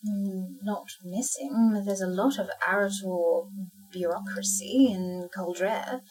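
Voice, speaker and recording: A woman's voice: medium pitch, takes it slowly, darkish tone, slightly rough. A woman voicing a courteous woman informant who calls people darling and my dear, heard on a distant mic with faint music.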